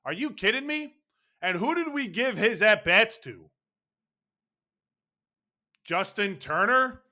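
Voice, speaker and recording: A man's voice: high-pitched, animated, slow pace, bright, forceful tone. A man ranting angrily and sarcastically about his baseball team's loss, swearing as he goes. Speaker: baseball fan commentator. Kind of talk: ranting sports commentary.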